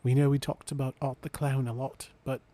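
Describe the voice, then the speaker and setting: A man's voice: mid-range voice, little pitch movement, fairly quick, dark tone. A man co-hosting a casual podcast, cracking dry, crude jokes. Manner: dry, joking, crude humor. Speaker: podcast co-host.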